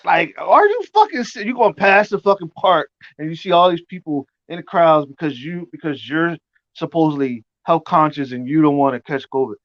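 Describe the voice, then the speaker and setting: A man's voice: on the high side, a little fast, a bit bright, no room sound. A man hosting a podcast, ranting crudely and indignantly in casual chat. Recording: dry, muffled lo-fi audio.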